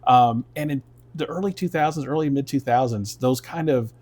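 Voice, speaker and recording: Relaxed male podcast host. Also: mid-range voice, moderate pace. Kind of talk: casual interview chat.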